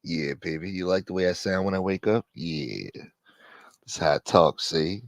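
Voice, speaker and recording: A man putting on the voice of a drowsy, smooth-talking man just out of bed, low, slow and crooning. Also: no echo. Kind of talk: comic put-on voice.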